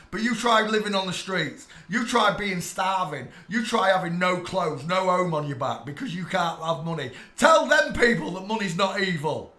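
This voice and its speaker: An English man ranting on a live stream, preachy and irate, swearing and bursting into shouts at his chat. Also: high-pitched, lively intonation, moderate pace, hardly any pauses, echoey room.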